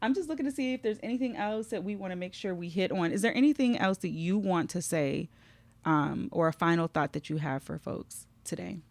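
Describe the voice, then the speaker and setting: A woman's voice: on the low side, a little fast, darkish tone, no echo. A middle-aged woman hosting a podcast, talking heartfelt and emotional, at times fighting back tears. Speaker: podcast host.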